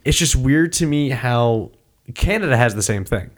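A young man rambles through a story in a loose, conversational flow, swearing freely and getting animated as he goes. His pitch sits at an ordinary middle level for a man. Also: moderate pace. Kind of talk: casual chat.

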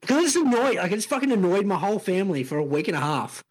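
A middle-aged Australian man in loose, profane podcast banter, laughing as he goes. His pitch swings widely, and the voice has a slightly husky edge. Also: sing-song, fast talker. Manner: laughing, swearing, playful. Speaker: podcast co-host. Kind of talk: casual banter.

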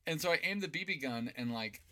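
Talking fast with lively intonation, a young man from Boise, Idaho, has a slightly high, sharp-toned voice. As a podcast co-host, he spins rambling, laid-back stories with plenty of swearing and laughs.

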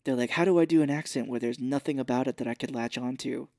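A man's voice: medium pitch, fast talker, a little mellow, dry recording, clean studio sound. An American man co-hosting a podcast, casually recapping a movie and acting out its characters in exaggerated voices. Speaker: podcast co-host.

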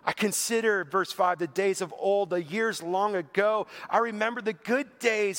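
A man's voice: moderate pace, hardly any pauses. A man preaching in a conversational, earnest way, leaning on "like" as a filler and paraphrasing a psalm aloud. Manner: conversational, earnest, heavy use of "like"; voice drops low and soft toward the end. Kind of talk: sermon.

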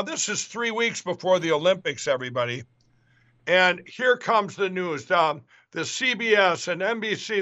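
Man, show host, rambling storyteller, high voice, muffled lo-fi sound. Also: bright, forceful tone. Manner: rambling, with many restarts and asides. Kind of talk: casual storytelling monologue. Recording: dull lo-fi sound.

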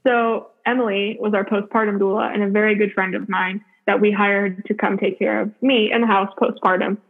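A woman's voice: medium pitch, flat delivery, a little fast, breathy edge. A woman telling a personal story in casual chat, full of "like" fillers and frequent laughs. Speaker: podcast guest. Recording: tinny phone-like line.

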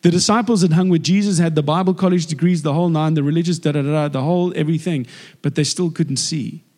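Male preacher, animated and chatty, slightly high voice, reverberant church hall. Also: fast talker. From South Africa. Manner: lively, acts out the people in the story. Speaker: guest preacher. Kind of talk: conversational sermon.

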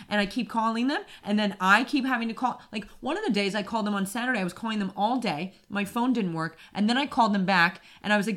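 A woman co-hosting a casual podcast, telling a story in an animated ranting way and acting out her own shouting. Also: medium pitch, fast talker, few pauses. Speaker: podcast co-host. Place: apartment in Wimbledon.

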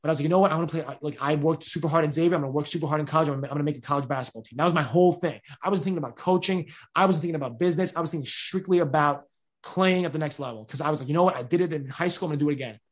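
Being interviewed in a relaxed, open conversation, this twenty-something podcast host speaks extremely quickly. He stacks up restarts as he rambles, his slightly raised voice carrying nonstop energy.

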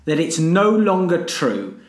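A podcast co-host, a man with a somewhat raised pitch, talking casually in a wry, rambling way that keeps stopping to restart. His voice carries a noticeable room echo. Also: sing-song, slow pace. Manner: rambling, self-interrupting, wry. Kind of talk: casual chat.

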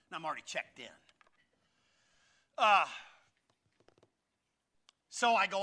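Animated, bright-voiced preaching man. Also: sits high, moderate pace, pauses often. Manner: animated, jokey, swings between shouting and muttering asides. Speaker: pastor. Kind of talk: storytelling sermon.

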